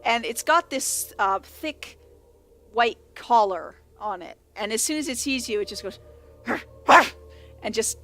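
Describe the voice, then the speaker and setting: A woman's voice: on the high side, lively intonation, moderate pace, a bit bright. Rambling woman game master. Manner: rambling, self-correcting, laughing often. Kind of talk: narrating a tabletop game. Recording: faint background music.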